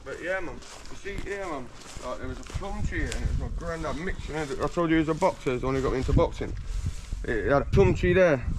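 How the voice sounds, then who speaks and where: A man's voice: a little high, expressive, fast, noisy background. A man from England telling boastful stories in a casual, slangy street interview, swearing freely while standing outdoors on a residential street.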